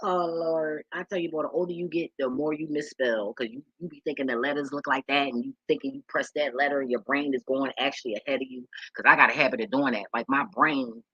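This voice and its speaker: Husky-voiced woman rambling to viewers. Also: extremely low pitch, lively intonation, quick pace, few pauses, a bit bright, no echo, lo-fi sound. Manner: loose and profane, rambling with many restarts; talks straight to her viewers as y'all. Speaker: vlogger. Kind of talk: casual rambling monologue to viewers.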